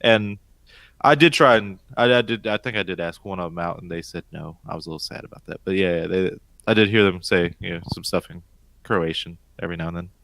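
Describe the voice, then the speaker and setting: A man in his thirties from North Carolina, co-hosting a casual geek podcast and telling stories with frequent cursing and high-pitched bursts. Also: brisk, gravelly, no echo. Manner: lively and profane, bursting into high-pitched exclamations. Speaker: podcast co-host. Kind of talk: casual chat.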